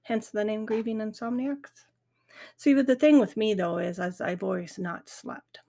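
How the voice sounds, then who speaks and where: A woman's voice: medium pitch, normal speed, creaky, dark tone. A middle-aged woman hosting a grief podcast, talking candidly and earnestly in a reflective monologue. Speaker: podcast host. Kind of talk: casual monologue.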